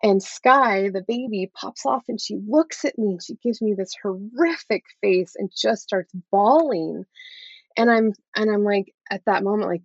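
A woman's voice: mid-range voice, unhurried, breathy edge, no echo. A woman in her thirties, a guest in an interview, telling a personal story candidly and often adding "right?". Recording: dull, dry, lo-fi sound.

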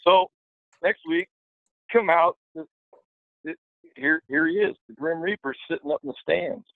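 A man telling a lively anecdote in a casual way, acting out the voices of the people in it. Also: on the high side, normal speed, dry recording. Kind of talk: casual storytelling. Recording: dry, phone-like line.

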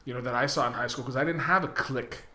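A man's voice: medium pitch, fast talker, bright, forceful tone, roomy sound. A man chatting casually and reflectively, filling his talk with "you know" and "like". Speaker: podcast guest. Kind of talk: casual chat.

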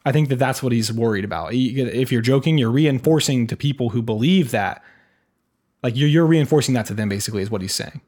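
A man's voice: mid-range voice, fairly quick, darkish tone. A man hosting a casual chat, rambling with many fillers and restarts as he reacts to clips. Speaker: podcast host reacting to clips.

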